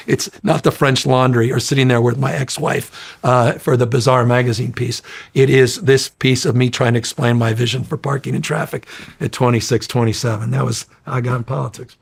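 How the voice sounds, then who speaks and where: Gravelly, profane middle-aged man. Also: medium pitch, fairly quick, hardly any pauses. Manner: profane, energetic, rambling. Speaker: interview guest. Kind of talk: casual storytelling interview.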